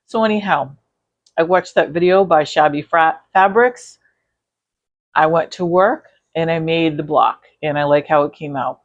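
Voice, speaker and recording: A woman's voice: low-pitched, measured pace, muffled recording. A woman vlogging about quilting in a casual, rambling way, with many fillers and self-corrections. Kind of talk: casual chat reviewing videos.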